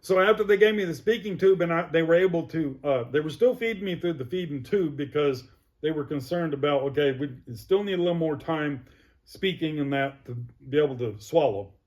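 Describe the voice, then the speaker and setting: A man's voice: on the high side, animated, fairly quick. A man telling his own story as an interview guest, plainspoken and vivid. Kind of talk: personal recovery story.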